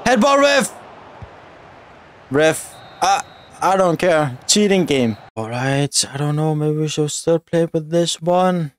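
A man giving excitable live commentary on his football video game, often shouting at his players and the referee. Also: a little high, measured pace, dry recording. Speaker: gaming YouTuber.

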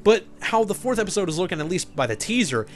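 Animated, cursing let's-play gamer man. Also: high-pitched, quick pace, soft background music. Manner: animated, swears often, irritated rants. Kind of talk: game commentary.

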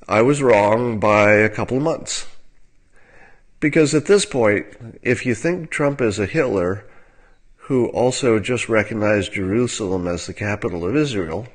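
A man giving casual livestream commentary in a wry, musing way, with fillers and soft laughs. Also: medium pitch.

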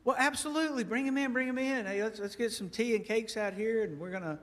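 A man voicing an eager, scheming male Roman governor in a loud, exclaiming, raised voice, recorded in an echoey church hall. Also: quick pace. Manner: loud, exclaiming, high-pitched put-on voice.

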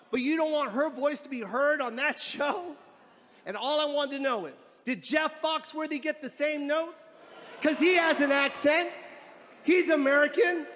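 A man doing a stand-up routine on stage, animated and building to shouted punchlines. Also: extremely high pitch, big-room sound. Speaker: stand-up comedian.

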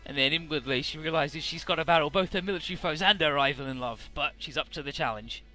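A man's voice: a little high, quick pace, sharp tone, soft background music. A man casually recapping a game's story, chatty, with many filler words and the odd swear. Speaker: let's play narrator.

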